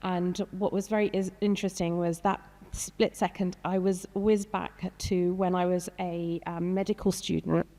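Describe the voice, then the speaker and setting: A woman's voice: on the low side, little pitch movement, moderate pace, hardly any pauses, warm tone. A woman in her thirties, a doctor, speaking hesitantly with many fillers and some emotion on a panel discussion. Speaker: doctor and patient guest. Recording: long hall reverb.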